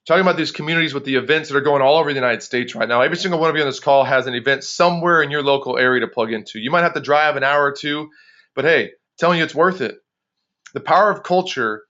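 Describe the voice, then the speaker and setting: A man leading a motivational conference call for his sales team, energetic and preachy, repeating phrases for emphasis. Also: a little high. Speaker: network marketing team leader. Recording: dull lo-fi phone call audio.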